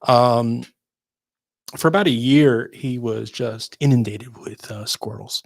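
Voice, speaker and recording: Rambling, animated radio co-host. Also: mid-range voice, takes it slowly, creaky, no echo. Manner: rambling, animated, full of restarts. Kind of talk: casual storytelling on a radio show.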